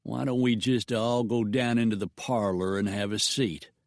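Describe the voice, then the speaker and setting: A man voicing a menacing outlaw leader who makes slow, drawling threats. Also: lowish voice, steady tone, dry recording, clean studio sound, lightly acted.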